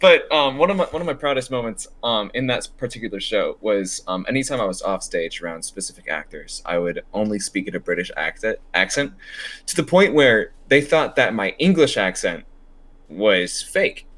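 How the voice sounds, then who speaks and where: A man's voice: fairly low pitch, normal speed. Laughing young man telling stories. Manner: animated storytelling, laughs often. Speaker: podcast co-host. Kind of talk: casual chat.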